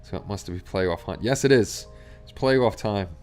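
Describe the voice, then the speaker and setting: This New York–accented host, from Astoria, Queens, runs a laid-back livestream where he rambles, chats with viewers and reads their comments out loud. Faint Christmas music plays behind his lowish, slightly mellow voice at normal speed.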